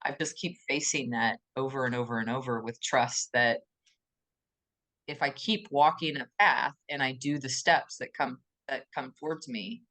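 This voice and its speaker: A low-pitched woman co-hosting a podcast, chatting casually. She is enthusiastic and animated and slips into little quoted voices to make her point. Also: moderate pace. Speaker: podcast co-host. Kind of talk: casual conversation.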